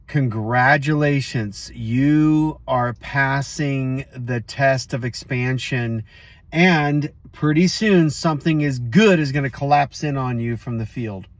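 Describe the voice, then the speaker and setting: A man's voice: medium pitch, slow pace, dry recording. A man hosting a motivational vlog, telling a story casually and speaking straight to his viewers. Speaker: host.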